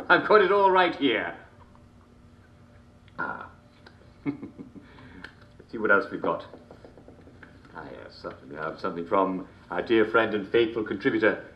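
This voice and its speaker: A chuckling English TV host. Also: male voice, fairly low pitch, highs cut off, a little hiss or hum. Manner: theatrical, chuckling constantly between lines. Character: jovial, sinister male TV comedy show host. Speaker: show host. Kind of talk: scripted video game character performance. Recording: roomy echo.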